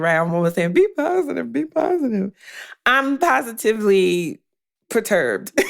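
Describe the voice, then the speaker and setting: A woman's voice: on the high side, a bit bright. A woman with hosting a career podcast, speaking bluntly and animatedly to her listeners and swearing freely as she coaches them. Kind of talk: casual podcast monologue.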